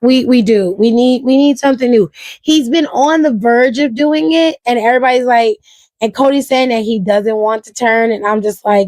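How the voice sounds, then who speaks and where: Woman host, fairly high voice, dry close sound, animated, profane, casual commentary. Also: normal speed, no room sound. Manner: animated and profane, acts out quotes. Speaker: wrestling show reviewer, host.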